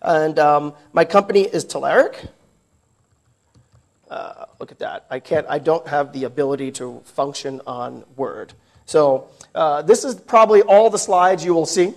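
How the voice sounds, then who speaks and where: A man's voice: a little high, expressive, a little slow. A man from New York with an American accent, giving a technical conference talk and joking with the audience. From New York, United States. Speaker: conference speaker. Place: large conference hall.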